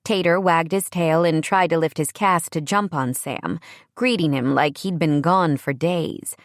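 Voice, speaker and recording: A woman narrating a romance audiobook in a measured storytelling manner on a close studio microphone. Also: low-pitched, no room sound. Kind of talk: scripted narration.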